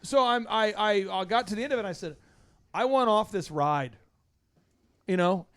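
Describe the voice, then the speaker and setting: A high-pitched male host in casual interview chat. He talks with bursts of energy, firing off long lists one item after another, in a basement room with concrete floors. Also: normal speed, fairly bright tone, smooth. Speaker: podcast host.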